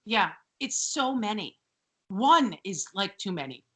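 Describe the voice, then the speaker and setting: Bright-voiced chatty woman podcaster. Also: mid-range voice, big pitch swings, measured pace. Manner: chatty, laughs often, many fillers. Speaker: podcast co-host. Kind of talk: casual chat.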